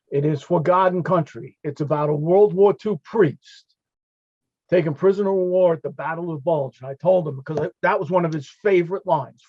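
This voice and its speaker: A fire captain speaking as a guest on a video call panel, paying heartfelt tribute to a late friend through stories. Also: male voice, on the high side, a little mellow, dry recording, highs cut off. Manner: storytelling, heartfelt, quoting friends.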